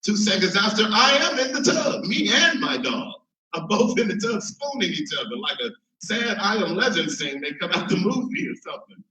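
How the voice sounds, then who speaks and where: Animated stand-up comic man, bright. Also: sits high, moderate pace. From Chicago. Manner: animated, laughing at his own jokes. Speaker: stand-up comedian. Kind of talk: stand-up comedy. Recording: roomy, from far mic.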